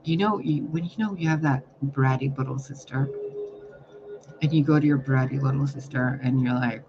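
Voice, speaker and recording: A man giving a casual spiritual reading, talking in a rambling, profane, animated way. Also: mid-range voice, normal speed, vocal fry, background noise. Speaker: spiritual reader. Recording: dull lo-fi recording.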